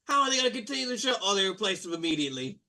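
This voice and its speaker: A man's voice: high-pitched, very animated, very fast, pushed and bright, voice pushed up, exaggerated voice. A man voicing a brash, pushy male water fey tavern keeper with a Long Island accent. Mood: rambling. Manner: pushy, rambling, interrupts others.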